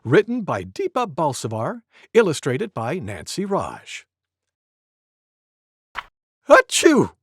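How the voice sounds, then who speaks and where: Animated woman reading a picture book aloud. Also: sits low, measured pace, hardly any pauses, husky, no echo, clean studio sound. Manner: animated, sing-song. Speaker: storyteller.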